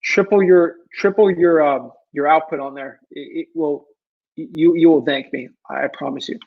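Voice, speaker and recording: Earnest rambling man, slightly high voice. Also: steady tone, moderate pace, gravelly, phone-quality sound. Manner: earnest and pleading, rambling with many fillers. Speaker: real estate wholesaler answering viewer questions. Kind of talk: casual livestream Q&A advice.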